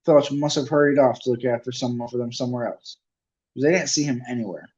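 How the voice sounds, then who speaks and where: A man's voice: medium pitch, fast, a little mellow. A man reading a children's book aloud in a casual, unpolished way with restarts and asides. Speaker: reader. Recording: dull lo-fi recording.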